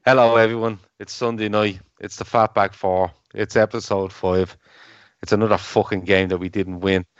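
A low-voiced man hosts a laid-back football podcast, swearing and ribbing his mates. The sound is dry and muffled, like a lo-fi home recording. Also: flat delivery, normal speed, no echo, faint music behind. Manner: swears freely, teasing the guests. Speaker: podcast host. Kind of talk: casual football podcast chat.

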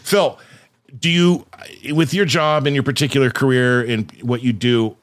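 A man's voice: mid-range voice, steady tone, normal speed. A man hosting a casual podcast interview, bantering playfully before settling into his questions. His delivery is conversational and easygoing. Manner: joking, then turning earnest with questions. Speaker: podcast host.

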